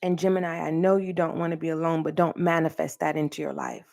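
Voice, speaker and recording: A woman reading tarot for her channel, talking earnestly and preachily to the viewer with pauses and direct address. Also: low voice, level tone, vocal fry, darkish tone. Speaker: tarot reader. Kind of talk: spiritual tarot reading monologue.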